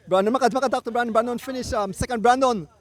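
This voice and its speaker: A man with a Belizean accent giving excitable live commentary on a cycling race outdoors by the roadside, repeating riders' names in breathless bursts. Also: extremely high pitch, rapid-fire. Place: outdoors at a roadside finish line.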